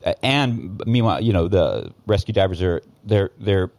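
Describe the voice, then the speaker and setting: Very deep-voiced man, profane and heated. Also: expressive, vocal fry, a little mellow, no room sound. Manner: profane, heated, halting with many restarts. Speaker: guest, former news cameraman. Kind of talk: casual podcast storytelling.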